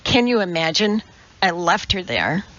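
A woman's voice: on the low side, very animated, measured pace, fairly bright tone. A woman reading an audiobook, voicing an ailing, apologetic man who is a scientist, weak and earnest. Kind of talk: audiobook character voice. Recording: dull lo-fi audiobook recording.

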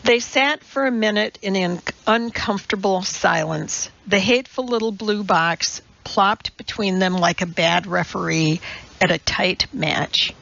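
Slow, gravelly woman narrating a novel. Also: medium pitch, a bit bright. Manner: measured, unhurried storytelling. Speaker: audiobook narrator. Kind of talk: audiobook reading with character voices. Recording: dull lo-fi recording.

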